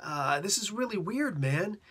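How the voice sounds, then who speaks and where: A young boy speaks up nervously and hesitantly, played by a man retelling a comic. His voice sits higher than a grown man's talk, with a husky grain. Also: animated, measured pace, fairly bright tone, exaggerated voice. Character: scared young boy lured into a store.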